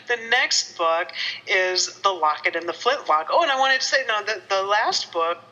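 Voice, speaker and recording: A woman with a very bright, forceful tone co-hosts a casual book podcast. She is middle-aged, talks in a loose, chatty way, and often restarts her sentences. Her pitch sits in the middle for a woman. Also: expressive, normal speed, low-quality recording. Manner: chatty, with frequent restarts and laughs. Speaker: podcast co-host.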